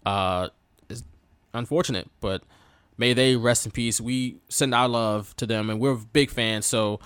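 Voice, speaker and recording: A man's voice: medium pitch, fairly even intonation, measured pace, fairly bright tone, clear, resonant tone, dry recording. A man hosting a wrestling podcast, chatting casually with a co-host, laughing often and filling his talk with fillers. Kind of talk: casual chat.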